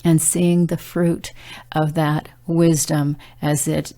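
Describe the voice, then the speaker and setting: Gravelly-voiced woman giving a devotional message. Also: deep voice, little pitch movement, slow, mellow. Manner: conversational, earnest storytelling with fillers. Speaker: Christian prophetic speaker.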